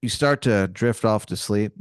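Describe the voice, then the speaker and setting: A young man with a fairly low voice rambles through an improvised comic tale, full of "like" and "uh". His voice is recorded dry and close. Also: clean tone, no echo. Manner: rambling, many fillers and mock-dramatic pauses. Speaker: podcast co-host telling an improvised scenario. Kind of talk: improvised comedic storytelling.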